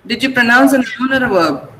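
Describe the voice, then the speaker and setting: A woman teaching English in an online class, her voice sitting a bit high. She says each word slowly, repeats it several times and asks her pupils questions. Faint background noise runs under her voice. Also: expressive, bright, forceful tone, rough recording.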